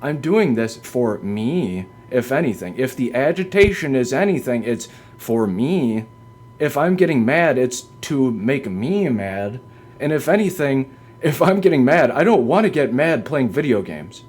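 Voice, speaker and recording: A man's voice: medium pitch, very animated, unhurried, a little mellow. A man streaming a video game from home, ranting defensively, swearing hard and leaning on "like" as filler. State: upset. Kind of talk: venting rant on a live stream. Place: home, by a window.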